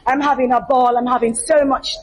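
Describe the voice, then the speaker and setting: A woman hosting a casual backstage interview, talkative and lively, hyping her guest and sponsors. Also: sits high, a little fast. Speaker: host and interviewer. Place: backstage media room at a music festival. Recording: noisy backstage room.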